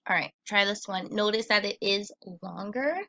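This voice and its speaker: A woman teacher giving a recorded phonics lesson for children, sounding out words slowly and patiently. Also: mid-range voice, creaky, pushed and bright, no echo.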